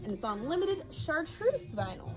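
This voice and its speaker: A woman's voice: high voice, big pitch swings, moderate pace, music in the background. Upbeat woman reading record blurbs. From Ohio. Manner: upbeat, reads blurbs, laughs easily. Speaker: record store co-host. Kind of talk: casual new-release rundown.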